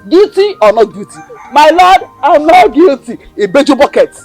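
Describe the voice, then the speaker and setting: A scornful young Nigerian woman in a family film drama. The voice sits high and leaps all over in pitch as she jeers and taunts her sister. Her Nigerian accent colours every mocking line. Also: big pitch swings, moderate pace, soft background music. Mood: scolding. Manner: mocking, taunting, swings between shouting and muttering.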